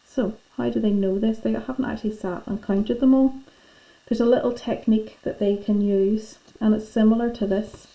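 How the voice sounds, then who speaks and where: A woman's voice: mid-range voice, steady tone, moderate pace, vocal fry, warm tone, rough recording. A woman teacher, patiently and chattily talking pupils through filling in their lesson notes. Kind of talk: classroom lesson going through worksheet notes.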